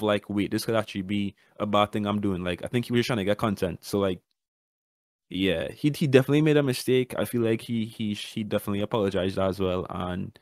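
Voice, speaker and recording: A man's voice: fairly low pitch, dry recording. A man on a podcast giving his opinion casually, hedging with "I feel like" and restarting phrases. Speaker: podcast co-host.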